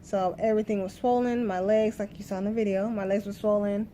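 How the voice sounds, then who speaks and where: A woman's voice: mid-range voice, fairly even intonation, a little fast, dark tone, slight background noise. A woman in her thirties telling her own birth story in a candid, emotional vlog, rambling with restarts. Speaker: vlogger.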